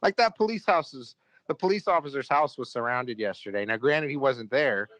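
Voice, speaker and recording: A man's voice: medium pitch, lively intonation, brisk, fairly bright tone, no room sound. A man, a podcast guest in casual chat, giving blunt, emphatic opinions. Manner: opinionated, emphatic, speaks his mind bluntly.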